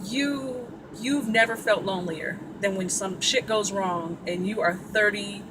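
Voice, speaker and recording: A woman's voice: medium pitch, unhurried, background noise. A woman from Sacramento telling a story in a casual, blunt and profane way, full of asides. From Sacramento, California. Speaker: vlogger.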